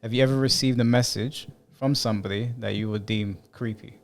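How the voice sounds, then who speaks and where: A man's voice: on the low side, brisk, gravelly. Man reading messages with sarcastic asides. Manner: animated, laughs while reading, sarcastic asides. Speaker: podcast co-host. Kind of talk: casual chat, reading out text messages.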